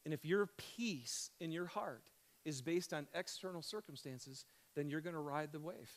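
Male pastor, high voice, animated sermon delivery, talks to the congregation like friends. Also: moderate pace. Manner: animated, swings from loud excited questions to hushed emphasis; conversational, addresses crowd as "you guys".

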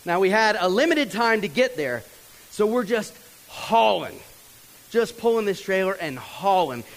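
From the pulpit, a man tells a funny story in a storytelling sermon, addressing the crowd directly in an unhurried, animated way and imitating others in a higher voice. The audio is poor.

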